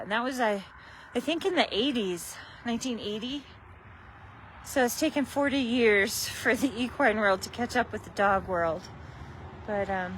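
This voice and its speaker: A woman's voice: mid-range voice, a little hiss or hum, rough recording. Easygoing woman training a horse outdoors. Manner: chatty, easygoing, coaxing praise to a horse. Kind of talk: casual livestream chat while training.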